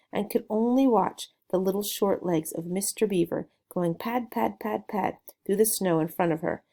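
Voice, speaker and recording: A woman reading a children's novel aloud, telling the story gently with small asides to the listener. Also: lowish voice, gravelly. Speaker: narrator.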